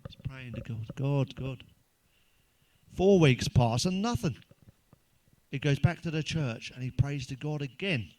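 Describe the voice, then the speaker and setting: A man's voice: mid-range voice, animated, unhurried, a little mellow, slight background noise. A middle-aged man telling blunt, sweary jokes in a rambling comic monologue, chuckling at his own punchlines. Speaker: stand-up comedian. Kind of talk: crude joke-telling monologue.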